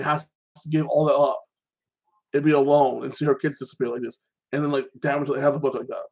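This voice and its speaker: A man excitedly recapping a movie in a casual chat, rambling and filling his talk with fillers. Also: fairly high pitch. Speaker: podcast host.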